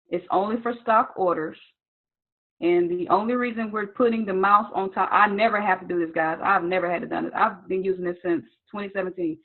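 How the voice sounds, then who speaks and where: A young woman, a trading instructor, leads a live online training session in a casual, chatty way, calling viewers "you guys" and "y'all." She often checks in with "okay?" and asks for answers in chat. Her medium-pitched voice is a bit bright, on a low-quality recording.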